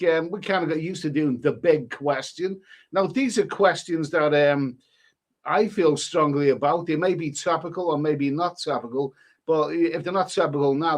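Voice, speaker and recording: A middle-aged man from England hosting a casual live stream, reading out viewer names and messages and chatting about them. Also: on the high side. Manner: rambling, chatty, reads out usernames and messages.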